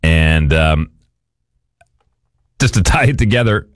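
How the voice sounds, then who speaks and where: A radio host voicing a man with a put-on Russian accent, talking in a slow, low, deliberate way. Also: expressive, dry recording, clean studio sound, exaggerated voice. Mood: playful.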